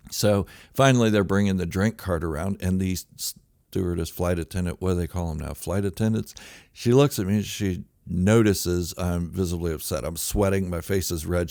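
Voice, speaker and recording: A man telling a true story in a casual monologue, self-mocking and dramatic, with sudden loud outbursts. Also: low-pitched, no room sound, clean studio sound.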